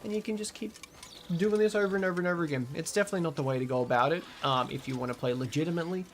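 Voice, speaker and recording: A man's voice: fairly high pitch, very fast, a little hiss or hum. A man from Australia with an Australian accent, casually chatting and swearing while streaming a game and reading out chat.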